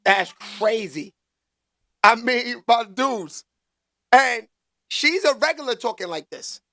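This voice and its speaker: High-voiced slangy man hosting a vlog. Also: animated, takes it slowly, sharp tone, dry recording, studio quality, faint music behind. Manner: slangy, emphatic, repeats catchphrases. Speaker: commentary vlog host. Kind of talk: casual commentary.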